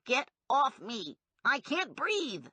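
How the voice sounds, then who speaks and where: A frantic small man screeches and whines, as a woman narrator puts him on in an audiobook. His voice is bright and jumps around wildly in pitch, with a slightly breathy edge. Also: wildly swooping pitch, takes it slowly, no echo, heavily acted. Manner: shrill and hysterical. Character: frantic, whiny small man cornered and lashing out.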